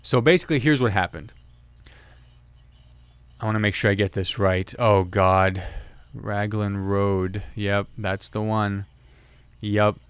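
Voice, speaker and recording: A man hosting his own comedy commentary show, talking casually and jokingly, slipping into quick impressions of other people. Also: on the low side, steady tone, smooth, dry recording. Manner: chatty, jokey, mimics others in quick asides. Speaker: podcast host and comedian.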